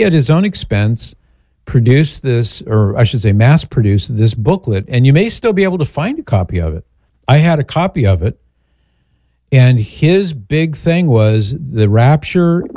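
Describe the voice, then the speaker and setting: A middle-aged man hosting a call-in show, answering a caller in a measured, thoughtful way with rambling asides. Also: medium pitch, dark tone, no room sound. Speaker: radio show host. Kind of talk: call-in advice talk.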